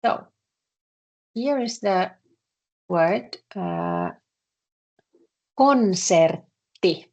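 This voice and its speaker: A woman with a Finnish accent teaching a language lesson, speaking haltingly with many filler sounds and repeating words as she explains. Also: on the low side, creaky, lo-fi sound.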